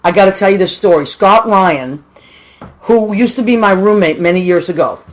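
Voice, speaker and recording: A woman's voice: medium pitch, normal speed. A woman hosting a radio show alone, chatting and greeting listeners by name. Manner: chatty and affectionate, greets people warmly. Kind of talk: live radio chat, reading out listeners.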